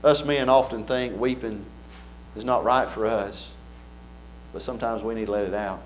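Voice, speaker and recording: A man's voice: on the low side, steady tone, normal speed, slight background noise. A man preaching an earnest sermon in a church, building fervor with repeated phrases.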